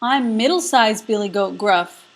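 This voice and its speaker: A woman's voice: mid-range voice, unhurried, natural voice. A woman voicing a timid young billy goat who stammers and bleats in a storybook. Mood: pleading.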